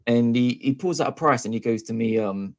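A man's voice: medium pitch, brisk. Man telling a story. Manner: animated, acts out both sides of dialogue, swears freely. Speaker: podcast co-host. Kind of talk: casual storytelling chat.

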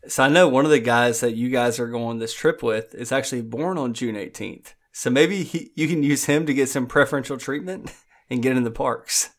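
A man co-hosts a casual podcast chat at an ordinary pitch. He keeps joking and teasing the others, with laughter breaking in often. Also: normal speed. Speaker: podcast co-host.

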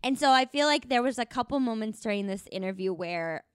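A woman hosting a podcast, talking in a chatty, reflective way with lots of fillers, her voice a little hoarse and cracking. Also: fairly high pitch, lively intonation, a little fast, no echo, studio quality. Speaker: podcast host. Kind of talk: casual chat.

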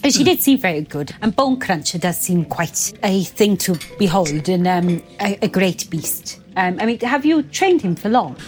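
A woman's voice: medium pitch, expressive, moderate pace, hardly any pauses, a little mellow. A woman at a tabletop game, asking polite, hesitant questions in character. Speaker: player.

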